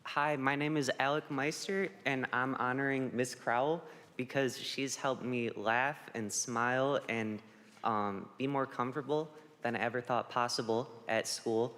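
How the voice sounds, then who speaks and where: A man's voice: mid-range voice, fairly bright tone, long reverb tail. A teenage boy giving a short, sincere tribute to a teacher at a ceremony. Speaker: student honoring a teacher. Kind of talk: prepared speech at a ceremony.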